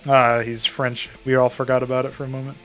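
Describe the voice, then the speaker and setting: A man's voice: medium pitch, level tone, fast talker. Laid-back joking male game master. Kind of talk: casual tabletop game chat. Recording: faint theme music behind.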